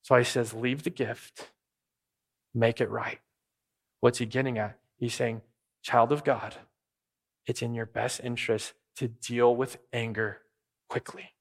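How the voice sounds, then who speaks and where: Male pastor, sermon delivery, animated, mid-range voice, acts out quotes. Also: medium pitch, a little slow, long pauses.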